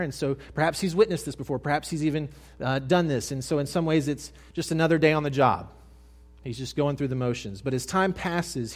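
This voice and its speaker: A male pastor with a mid-range voice delivers a sermon, telling a story dramatically and swinging between hushed and loud.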